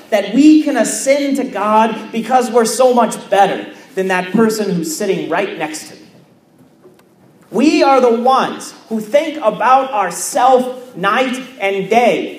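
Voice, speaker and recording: Slow-preaching pastor with a high voice. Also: male voice, roomy sound. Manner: measured preaching with repeated phrases and pauses. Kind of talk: sermon. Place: church.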